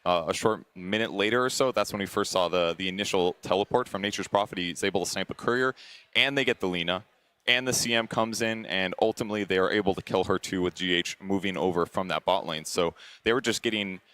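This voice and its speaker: A man's voice: low voice, pushed and bright. A man breaking down a match at an analysis desk, recapping plays in a methodical, step-by-step way. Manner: rapid, methodical play-by-play recap. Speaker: esports analyst.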